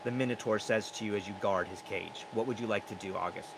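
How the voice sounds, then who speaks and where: A man's voice: fairly low pitch, quick pace, creaky, a little hiss or hum. A man narrating a tabletop game as game master, describing scenes casually.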